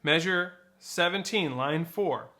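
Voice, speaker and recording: A man's voice: on the high side, takes it slowly, noisy background. A man teaching snare drum technique, explaining flams and rolls and counting rhythms aloud. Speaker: percussion teacher. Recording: loud drumming behind the voice.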